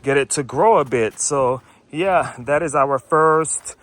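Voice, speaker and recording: A young man walking through his backyard garden, explaining each plant in a relaxed way with frequent pauses and ums. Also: mid-range voice. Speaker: gardening vlogger. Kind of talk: casual garden tour walkthrough.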